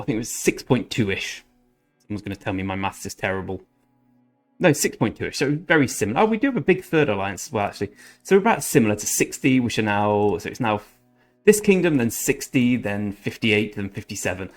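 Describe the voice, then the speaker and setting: A man's voice: lowish voice, big pitch swings, normal speed, faint music behind. A man rambling through casual commentary over his strategy game, often correcting himself mid-sentence. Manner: chatty, rambling, self-correcting. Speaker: gaming channel host.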